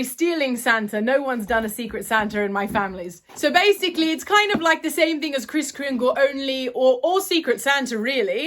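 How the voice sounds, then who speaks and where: A woman's voice: high-pitched, a bit bright. A young woman from Australia with an accent that is not typically Australian, chatting enthusiastically in a vlog about her gifts. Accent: not a typical Australian, somewhat British-sounding. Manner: chatty and enthusiastic, with small self-corrections. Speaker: vlogger. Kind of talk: casual chat.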